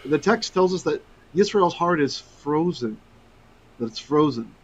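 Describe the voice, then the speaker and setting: Animated man teaching scripture. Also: fairly high pitch, a little slow, husky, muffled recording. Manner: animated, asks "right?" often, mixes in Hebrew terms. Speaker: Torah teacher. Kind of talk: Bible study teaching.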